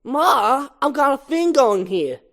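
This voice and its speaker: A reader voicing an excitable young male bee fresh out of school, in a raised, lively voice. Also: high-pitched, slow, pitched above the performer's own voice, full character voice. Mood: excited. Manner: excitable, chirpy.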